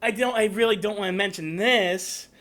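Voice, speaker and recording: A man's voice: high voice, normal speed, a bit bright. A man reviewing a movie trailer on his own channel in a rambling, emotional casual talk, getting teary at moments. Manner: rambling, emotional, tearing up at times.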